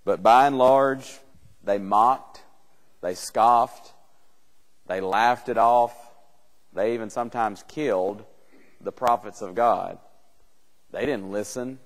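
An earnest man leads a church Bible class in a plain, conversational voice. He often doubles back on words as he builds each point. The sound has a long reverb from the church room. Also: fairly low pitch.

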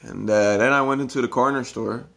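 A man telling a rambling, halting story about his day in a casual monologue, with many restarts and some swearing. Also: mid-range voice, steady tone, vocal fry, fairly bright tone.

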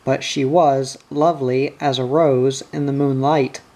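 A man voicing an older, whimsical poet miner who speaks mildly and wryly, read slowly. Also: medium pitch, little pitch movement, a little mellow, lightly acted. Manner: mild, wry, sentimental. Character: old whimsical poet miner, mild and teasing.

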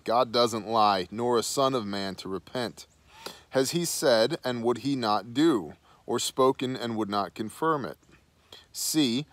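A man's voice: medium pitch, a bit bright, dry recording. A man hosting a Bible study, reading scripture aloud and then dropping into slangy, casual asides.

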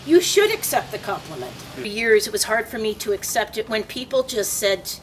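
An older woman telling stories in a casual interview, animated and laughing as she acts out voices. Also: mid-range voice, fairly quick, far from the mic, slight background noise.

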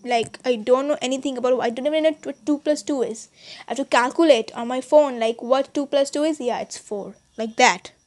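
High-voiced woman, halting vlog chat. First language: Bengali. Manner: halting, hesitant speech with restarts and fillers. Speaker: channel host. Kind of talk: casual Q&A vlog.

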